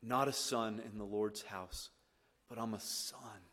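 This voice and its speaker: A man preaching a sermon as pastor, swinging from hushed lines to loud, emphatic ones. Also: on the low side, fairly even intonation, measured pace, slightly rough. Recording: long reverb of a church hall.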